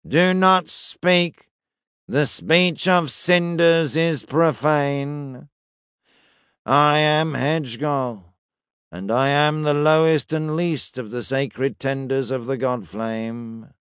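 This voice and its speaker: Man intoning as Hedgegold, a nasal monotone zealot. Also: on the high side, clear, resonant tone, dry recording, studio quality. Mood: solemn. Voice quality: flat, monotone, vaguely nasal. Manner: slow, solemn intoning. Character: pompous flat-voiced male temple tender.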